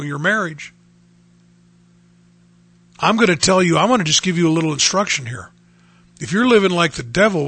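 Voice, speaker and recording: Gravelly earnest radio preacher man. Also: on the high side, sharp tone, no echo. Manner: earnest preaching, quoting scripture in old-fashioned wording. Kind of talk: radio sermon.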